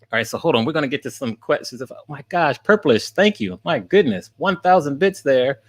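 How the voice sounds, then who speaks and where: A man's voice: on the high side, animated, fairly quick. A man streaming live, laughing often and thanking viewers by name as he gets through the questions. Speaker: streamer and college teacher.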